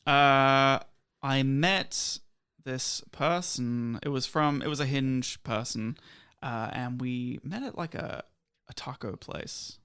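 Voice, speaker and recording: A young man with a smooth, clear voice tells a story on a casual chat show. He talks in a self-deprecating way and stumbles through plenty of ums and uhs. His pitch sits in the middle range for a man. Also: slow, sharp tone. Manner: nervous, self-deprecating, full of fillers. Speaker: guest.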